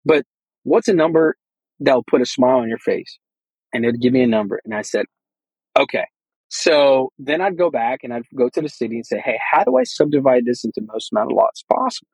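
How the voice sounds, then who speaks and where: Husky man telling his story casually. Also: mid-range voice, fairly quick, no room sound, low-quality recording. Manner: rambling, animated, acts out quoted dialogue. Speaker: guest, real estate investor.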